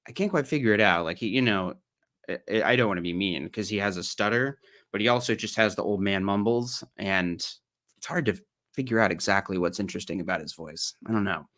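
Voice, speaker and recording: A man's voice: fairly low pitch, a bit bright. A man with an Ohio accent giving sarcastic, mocking livestream commentary on an article he reads aloud. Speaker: streamer.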